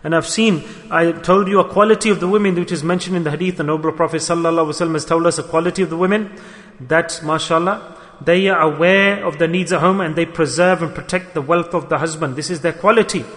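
A man's voice: on the high side, steady tone, fast, a bit bright, big-room sound. A man preaching a storytelling sermon in an earnest, repetitive way, full of rhetorical questions.

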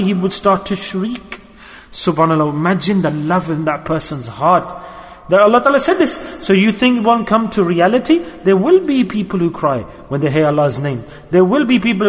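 A man preaching a sermon with emotive storytelling, repeating his key words. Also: high voice. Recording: long hall reverb.

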